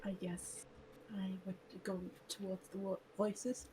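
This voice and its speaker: A woman's voice: mid-range voice, little pitch movement, slow pace, background noise. A woman playing in a tabletop game, speaking casually and a bit hesitantly, partly in character. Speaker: player. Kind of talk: in-character role-play.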